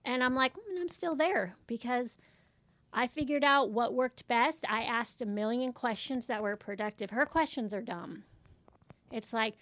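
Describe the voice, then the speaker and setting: Front desk woman, blunt and exasperated, fairly high voice, dry close sound. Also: unhurried, a bit bright, dry recording. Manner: blunt, exasperated storytelling acting out dialogue. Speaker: medical office front desk worker. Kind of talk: casual chat.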